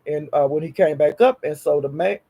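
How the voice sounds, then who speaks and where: A man telling a gossipy story in a casual, animated way. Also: on the high side, brisk.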